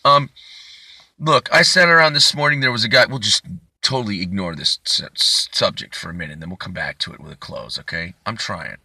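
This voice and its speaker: A man's voice: lowish voice, fairly quick, vocal fry, pushed and bright, husky, no echo, clean studio sound. A man comedian delivering a rambling, profane, indignant comedic rant.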